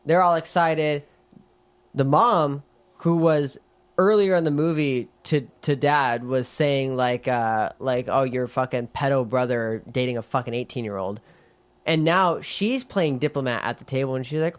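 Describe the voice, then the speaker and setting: Animated man retelling a film. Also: mid-range voice, moderate pace, smooth. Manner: animated retelling with swearing and acted quotes. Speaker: podcast co-host. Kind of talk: casual chat recapping a film.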